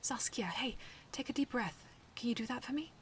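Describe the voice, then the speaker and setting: Gentle, caring young man, voiced by a woman; soft and calm, faint noise behind. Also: fairly high pitch, normal speed, voice pushed up, lightly acted. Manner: soft, reassuring. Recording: distant mic with faint noise.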